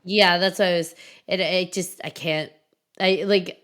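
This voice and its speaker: A woman with a slightly low voice hosts a livestreamed horror chat. She talks in a chatty, animated way, giggles a lot and drifts into little anecdotes. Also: unhurried. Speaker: podcast host. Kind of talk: casual chat. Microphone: livestream video call.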